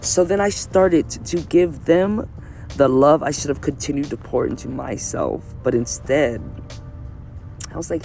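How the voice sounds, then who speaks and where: A man's voice: a little high, expressive, unhurried, vocal fry, a little mellow, faint music behind. A man giving a candid, emphatic personal monologue to camera, repeating phrases and swearing freely. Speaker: vlogger.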